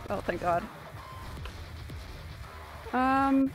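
A woman from Canada chats casually while streaming a game, swearing and yelping at the action. Her mid-range voice has a gravelly fry. Faint music plays behind her. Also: medium pitch, normal speed, long pauses. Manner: casual, swears and reacts loudly to gameplay. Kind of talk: live game streaming chat.

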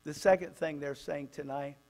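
A pastor with a Southern American accent, preaching at a child dedication, animated and acting out family stories. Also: male voice, normal speed. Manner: animated, acts out quotes with pitch jumps; drops to a soft murmur when praying over the child.

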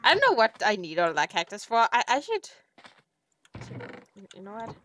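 A woman's voice: fairly high pitch, wildly swooping pitch, moderate pace, a bit bright, no echo. A woman giving gameplay commentary, talking to herself and to in-game animals, swinging into melodramatic mock outrage and fake sobbing. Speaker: streamer playing a survival game.

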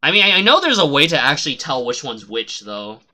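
A man streaming a game live, chatting casually and swearing a lot, rambling and then shouting suddenly at the game. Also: mid-range voice, big pitch swings, fairly quick. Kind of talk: casual live gameplay commentary.

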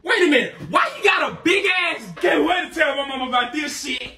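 A man playing a shocked kid who shouts and laughs after catching his stepdad cheating. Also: very high voice, lively intonation, fairly quick, roomy sound, far from the mic, background noise.

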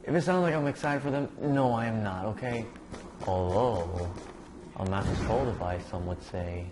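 A man's voice: lowish voice, normal speed, background noise. A young man giving casual, rambling commentary over a zombie game. He mumbles under his breath, curses at the game and sounds sleepy. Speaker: gaming YouTuber.

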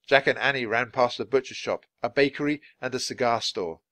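A man reading a children's storybook aloud in a clear, measured way for learners. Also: mid-range voice, sharp tone, no echo. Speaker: storybook reader. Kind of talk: children's book read-aloud.

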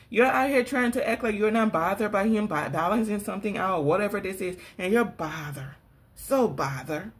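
A woman's voice: mid-range voice, expressive, a little fast. A woman doing a spiritual tarot reading, scolding and sassy, calling people girl and laughing between lines. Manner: addresses the viewer as girl. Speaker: tarot reader.

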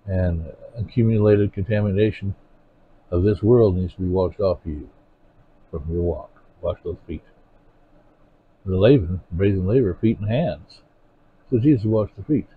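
A man's voice: lowish voice, husky. Earnest male preacher on a tinny recording. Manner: earnest, questioning the congregation directly. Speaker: pastor. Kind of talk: sermon. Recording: tinny phone-like sermon recording.

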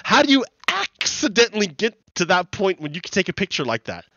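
A man's voice: high voice, huge pitch swings, a little fast, pushed and bright, no echo, muffled recording. A man hosting a let's play, laughing often and breaking into shrieking outbursts as he rants with incredulous swearing. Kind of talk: casual commentary over gameplay.

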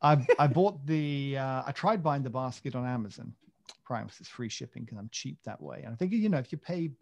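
A man with a mid-pitched, gravelly voice, chatting loosely on a podcast. He rambles and pokes fun at himself, with many fillers and restarts. His voice has a rough, crackly edge. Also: expressive, fairly quick. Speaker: podcast co-host. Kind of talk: casual chat.

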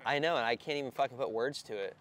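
A man, a skateboarder, rambling and cursing in candid outtakes, his voice hoarse and worn out, tired and short of breath, outdoors at a skate spot. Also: mid-range voice, very fast, a bit bright, a little hiss or hum. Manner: rambling, heavy cursing, self-conscious. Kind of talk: candid outtakes while filming.

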